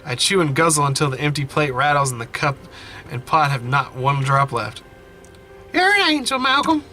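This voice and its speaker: A man playing a story game at home, reading the text aloud with animated running commentary and frequent self-corrections. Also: mid-range voice, fairly quick, faint music behind. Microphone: desk mic, wearing headphones.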